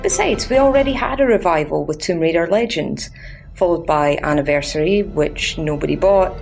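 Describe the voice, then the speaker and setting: Scottish woman, game reviewer, sarcastic, crude, lowish voice, scripted review narration. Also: normal speed, gravelly, darkish tone, soft background music.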